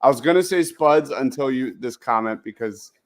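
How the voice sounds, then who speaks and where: A man's voice: mid-range voice, expressive, moderate pace. A man hosting a casual sports talk show, reading out viewer comments and laughing easily. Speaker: podcast host.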